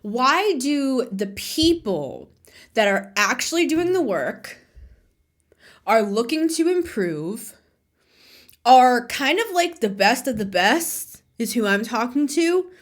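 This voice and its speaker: A woman's voice: on the high side, sing-song, takes it slowly. A young woman hosting a tarot channel, talking casually and rambling, correcting herself and laughing between thoughts. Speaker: tarot reader and channel host. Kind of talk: casual spiritual talk to camera.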